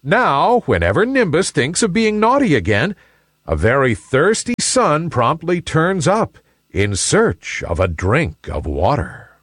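Slow, very expressive male storyteller. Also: on the high side, breathy edge, dry recording, studio quality. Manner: expressive, unhurried. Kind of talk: children's story reading.

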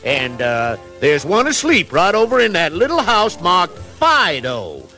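An actor voicing a boastful, sly adult male rooster in a classic cartoon, with a booming drawl and stammered repeats. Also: wildly swooping pitch, measured pace, pushed and bright, soft background music, full character voice. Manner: sly and teasing.

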